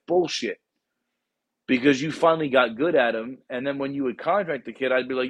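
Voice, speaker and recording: A man's voice: medium pitch, fairly quick, dry recording. A man who hosts a casual chat, a former Marine recruiter telling rambling, profane stories to his guest.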